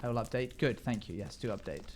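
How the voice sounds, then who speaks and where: A man's voice: fairly low pitch, fast, very noisy. Jokey male game streamer. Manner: jokey, chatty, bursts into loud playful yells. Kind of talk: casual live-stream chat while gaming.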